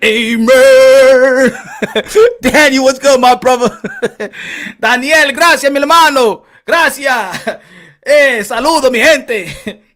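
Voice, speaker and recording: A man's voice: extremely high pitch, slow pace, pauses often, a bit bright. A man hosting his boxing channel, delivering a rambling comedic rant full of laughter, swearing and preachy asides.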